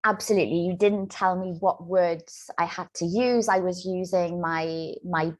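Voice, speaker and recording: A woman with a slightly low voice co-presents a teaching webinar over a video call. She explains ideas clearly and steadily, walking through examples in plain terms. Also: steady tone, a little slow. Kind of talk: webinar presentation and demo dialogue.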